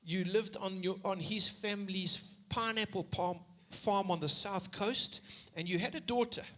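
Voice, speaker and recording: A man's voice: sits high, measured pace, sharp tone. A man, a pastor who interviews a church member by retelling her story back to her, with frequent restarts. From South Africa. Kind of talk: sermon interview. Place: church stage.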